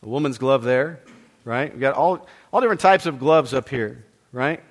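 A man preaching a sermon, reading scripture aloud and acting out the quoted exchanges with rising fervor, then dropping to a quiet, conversational tone for an illustration. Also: mid-range voice, lively intonation, moderate pace.

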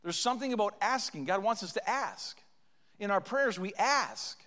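A man's voice: high voice, expressive, moderate pace, sharp tone, big-room sound. A man preaching an impassioned sermon as pastor, building to fervent cries. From Canada. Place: church sanctuary.

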